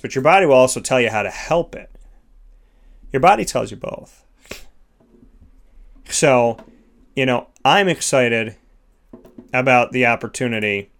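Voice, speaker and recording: An earnest man delivers a motivational self-help talk. He builds his points through repeated, emphatic lists. His pitch sits at an ordinary middle for a man. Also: a bit bright. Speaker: host of a sponsored motivational segment.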